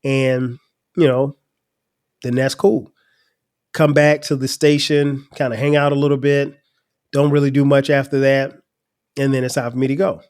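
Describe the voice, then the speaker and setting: A man, telling a personal story on his podcast in a relaxed way and chuckling at his younger self. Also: medium pitch, moderate pace, pauses often. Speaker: podcast host.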